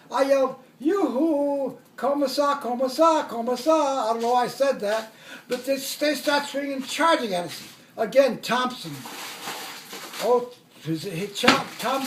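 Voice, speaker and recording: A man's voice: very high-pitched, reverberant, far from the mic, background noise. An older man, a war veteran, tells his stories in a rambling way, correcting himself as he goes and chuckling at his own jokes. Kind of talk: oral history storytelling.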